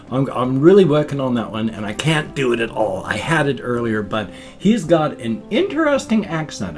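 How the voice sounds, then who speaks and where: An older man talking in a folksy, chatty way as a vlogger, rambling through a casual daily vlog. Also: medium pitch. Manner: folksy, chatty, says thumbs up often. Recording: faint guitar music behind.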